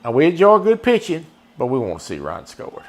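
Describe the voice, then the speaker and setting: A man's voice: on the high side, wildly swooping pitch, a little fast, darkish tone, faint music behind. A man giving casual, folksy live-stream commentary while playing a baseball video game and chatting with viewers. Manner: folksy, chatty, talks to the chat.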